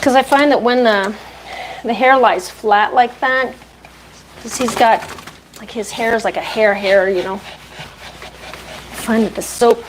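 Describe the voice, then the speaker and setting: A woman's voice: a little high, takes it slowly, pauses often, slight background noise, poor audio. A woman dog groomer chatting casually on a live stream, talking to the dog and her viewers while she works at the bath.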